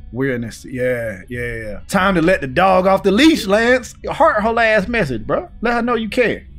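A man hosts a gaming playthrough, reading messages aloud and jumping in with excited, slangy reactions. His pitch swings widely and sits a touch high. Soft background music plays underneath. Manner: hyped, reads text messages aloud and reacts with slang banter. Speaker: gaming video host. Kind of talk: playthrough commentary. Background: faint game music.

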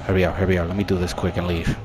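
A man giving casual let's-play commentary on a horror game, excitable and jokey, with frequent startled exclamations. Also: deep voice, very fast, noisy background. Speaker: gaming channel host.

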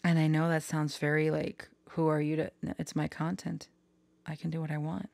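Woman vlogger, low gravelly voice, slow hesitant confiding talk, dry close sound. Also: level tone, no room sound. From Florida. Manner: soft, hesitant, confiding, drifts into whispers. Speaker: tarot vlogger. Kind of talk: candid personal talk to camera.

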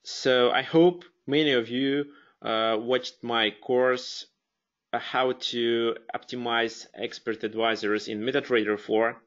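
A man with a Russian accent presents a live webinar in an unhurried, halting way, often pausing on fillers and restarting his sentences. His voice sits at an ordinary pitch, and the computer-mic audio sounds dull and lo-fi. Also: fairly even intonation, fairly bright tone. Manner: hesitant, many fillers and restarts. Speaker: webinar host.

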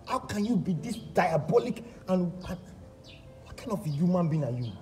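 Nigerian actor for a comedy skit, furious and loud, lots of swing in the voice. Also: male voice, sits high, very animated, normal speed, soft background music. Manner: angry, shouting, repeating himself.

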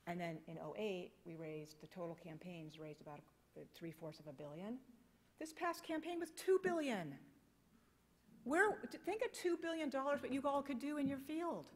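A woman's voice: fairly high pitch, animated, moderate pace. An American woman giving a conference keynote, speaking passionately and emphatically with many rhetorical questions. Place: conference hall. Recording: long reverb of a conference hall.

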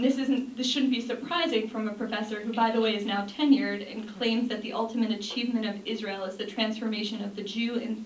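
Young woman giving a talk in an echoey hall. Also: mid-range voice. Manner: earnest, with frequent ums and restarts. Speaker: speaker. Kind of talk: talk to an audience. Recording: echoey room from a distance, faint noise.

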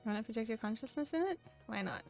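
Gravelly woman reading a game aloud. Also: a little high, expressive, fast, a little mellow, soft background music. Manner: playful, reads game text and jokes along. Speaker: let's play host. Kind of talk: casual game playthrough with read-aloud narration.

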